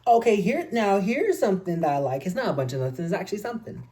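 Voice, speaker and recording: A woman's voice: medium pitch, sing-song, fast, dark tone. A woman chatting casually in a book review vlog, reading passages aloud and teasing herself as she goes. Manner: chatty and self-deprecating, reads passages aloud.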